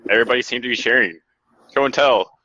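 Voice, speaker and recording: A man's voice: mid-range voice, fast talker, sharp tone, dry recording, lo-fi sound. A man playing a tabletop game, playful and teasing. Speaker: player. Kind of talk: casual tabletop game chat.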